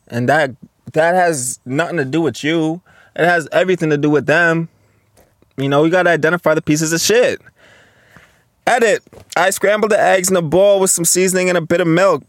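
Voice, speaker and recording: Posts get read aloud on this solo podcast by a man in his twenties who reacts to them bluntly, loudly, and profanely. His voice runs high, with no echo and a clean studio sound.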